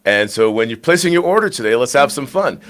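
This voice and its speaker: A man hosts a live show with upbeat, easy patter, filling gaps with quick ums and ands as he moves from one item to the next. His voice sits at a middling pitch and comes across as plain and friendly. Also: lively intonation, a bit bright. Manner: upbeat host patter with frequent fillers. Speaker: host.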